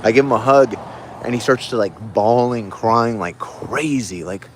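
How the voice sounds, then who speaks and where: A man's voice: mid-range voice, measured pace, a little hiss or hum. A man telling a story in a casual, rambling way, full of fillers, while livestreaming from a city street. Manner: rambling, excited, heavy on fillers. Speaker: livestream host.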